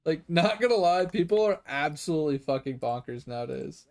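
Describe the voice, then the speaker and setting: Profane, exasperated gaming streamer. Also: male voice, a little high, expressive, fairly quick, gravelly, a little mellow. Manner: exasperated, profane, many fillers. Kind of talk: casual rant while gaming.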